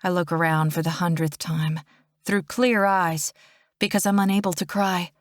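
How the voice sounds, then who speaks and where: A female audiobook narrator with a fairly low voice. She reads first-person narration in a subdued, reflective tone. Recorded dry and close. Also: fairly even intonation, brisk, no echo.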